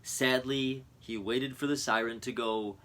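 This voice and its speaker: A man, a teacher, reading a children's picture book aloud to his students in an expressive storytelling voice. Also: mid-range voice, unhurried.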